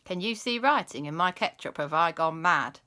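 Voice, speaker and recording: A friendly, helpful policeman with a Northern English accent, as a woman puts him on. He muses aloud in an earnest, puzzled way, his voice rising and falling with plenty of movement and a bright edge. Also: lowish voice, animated, normal speed. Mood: bewildered.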